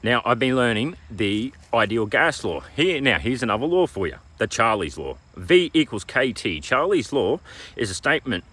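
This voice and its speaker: A man's voice: mid-range voice, very animated, normal speed, fairly bright tone. A man with an Australian accent giving an emphatic, preachy self-help talk, repeating slogans and checking in with "all right?". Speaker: motivational vlogger. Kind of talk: motivational self-help monologue.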